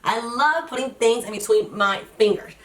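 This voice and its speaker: A woman's voice: a little high, moderate pace, far from the mic. A young woman vlogging in a chatty, rambling way, full of fillers and restarts. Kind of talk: casual personal vlog. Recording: echoey room, voice off-mic.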